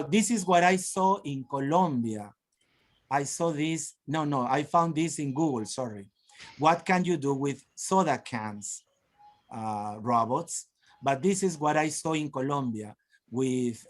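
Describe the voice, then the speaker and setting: Slow encouraging male teacher trainer. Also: medium pitch. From Peru. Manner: encouraging, frequent laughs and prompts. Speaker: teacher trainer presenting a webinar. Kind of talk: lively workshop teaching.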